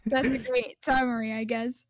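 A woman co-hosting a casual podcast, teasing in a dry, deadpan way. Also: on the high side, normal speed, slight background noise. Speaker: podcast co-host.

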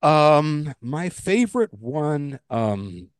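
Animated older man, dry close mic. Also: fairly high pitch, extremely slow, clean tone, no echo. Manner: animated, rambling, emphatic. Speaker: podcast co-host. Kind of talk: casual chat.

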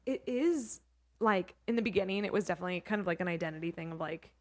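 A woman's voice: lowish voice, quick pace. A woman who works as a hair educator, a podcast guest chatting casually, with lots of "like" and "you know what I mean.". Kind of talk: casual interview chat.

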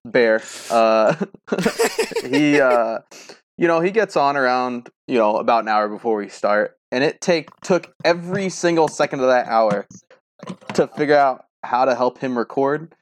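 A man's voice: mid-range voice, lively intonation, unhurried, no room sound. A young man co-hosting a comedy podcast who drops playful one-liners in casual chat. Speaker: podcast co-host.

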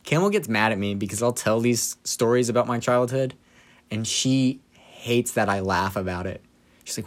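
A man's voice: mid-range voice, moderate pace. Young guy, chatty podcast host, laughs through grim family anecdotes, does voices for quotes. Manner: laughs through dark childhood stories, quotes people in voices. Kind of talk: casual storytelling chat.

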